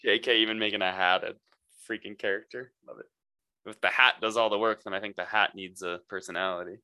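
A man, a podcast guest, chatting casually in a halting way, often restarting his sentences. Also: fairly low pitch, steady tone, pushed and bright, clear, resonant tone, dry recording. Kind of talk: casual chat.

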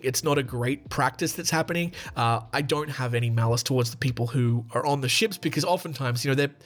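A man hosting a podcast in a chatty, rambling monologue, with frequent fillers and restarts. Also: a little high. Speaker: podcast host.

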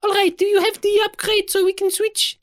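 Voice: very high voice, little pitch movement, fairly quick, fairly bright tone, voice pushed up. A player voicing a tiny, annoyed woman stuck in wallet form, speaking stiffly and formally. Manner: stiff, formal speech without contractions.

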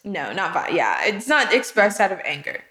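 A woman in casual, explicit chat, talking in an animated way, swearing and laughing often. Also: mid-range voice, moderate pace. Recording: echoey room.

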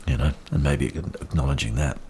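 His voice is very deep with a darkish tone and a moderate pace: a middle-aged podcast host with a New Zealand accent, sharing his personal experience in an earnest, encouraging monologue. He is outdoors in the wind, with faint wind in the background.

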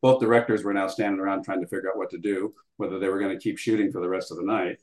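A man's voice: deep voice, fairly even intonation, racing, darkish tone. An older man recounting a story as an interview guest, acting out dialogue as he goes, with frequent fillers. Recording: roomy echo.

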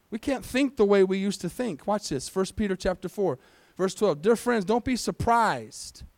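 A man delivers a sermon in a church, his voice sitting high for a man. He presses his congregation with questions and calls for an answering amen. The sound is dry and close, with little room around it. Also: darkish tone, no room sound. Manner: preaching with rhetorical questions and call-and-response. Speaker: pastor. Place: church sanctuary.

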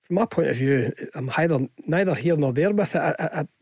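A man's voice: on the high side, animated, fairly quick, creaky, a little mellow, dry recording, clean studio sound. A Scottish man giving casual football punditry on radio, chatty and hesitant with frequent restarts. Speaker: football pundit, former player. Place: radio studio. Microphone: studio microphone.

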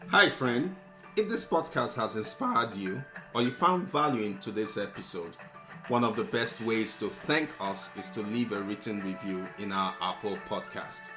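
A man's voice: on the low side, normal speed. A man co-hosting a podcast, reading a scripted outro as an earnest, direct appeal to listeners. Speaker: podcast co-host. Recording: music bed behind voice.

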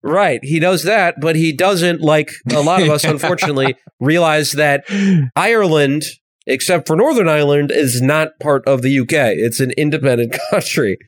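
A man's voice: fairly high pitch, moderate pace, no room sound, clean studio sound. An American man co-hosting a podcast, chatting casually and rambling through jokes with some swearing and self-deprecation. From United States. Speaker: podcast co-host. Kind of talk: casual comedic chat.

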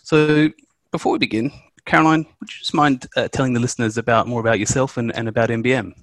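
A man's voice: medium pitch, steady tone, fast, no room sound. A man from Australia, co-hosting a podcast in a chatty, jokey, self-deprecating way. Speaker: podcast co-host, corporate lawyer. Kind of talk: casual podcast chat.

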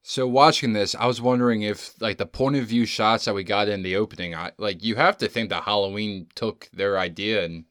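A man's voice: lowish voice, fairly quick, few pauses, a bit bright, no room sound, studio quality. A man co-hosting a casual review podcast, speaking plainly and agreeably. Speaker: podcast co-host, movie reviewer. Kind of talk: casual chat.

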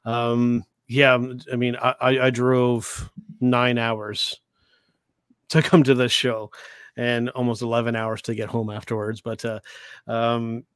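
A man co-hosting a wrestling podcast, speaking earnestly and haltingly with many restarts. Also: medium pitch, little pitch movement, clean tone, no echo. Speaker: podcast co-host. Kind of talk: casual chat.

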